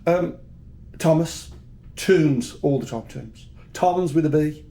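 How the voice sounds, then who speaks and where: A man's voice: a little high, a little slow, creaky, dark tone. An older man with a Birmingham accent, a podcast guest telling candid, jokey stories from a long career in music and PR. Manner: chatty, jokey, repeats words as he goes. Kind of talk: candid anecdotal storytelling.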